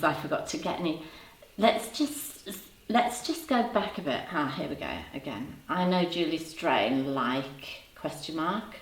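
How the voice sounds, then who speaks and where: A woman in her fifties hosting a casual livestream, chatting and teasing viewers in the chat. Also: deep voice. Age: 50s. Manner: chatty, teasing, laughs often. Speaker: livestream host reading chat. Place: home room. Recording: roomy sound, voice a bit far from the mic.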